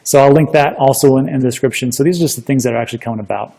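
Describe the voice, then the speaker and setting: A man giving a chatty, energetic recap of a seminar in casual commentary, often restarting his sentences. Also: mid-range voice, rapid-fire, creaky. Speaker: crypto investing YouTuber. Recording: long reverb.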